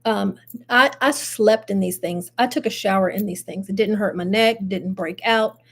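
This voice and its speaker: An older woman hosting a casual live chat show, chatty and animated with frequent laughs. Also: mid-range voice, normal speed. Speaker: host.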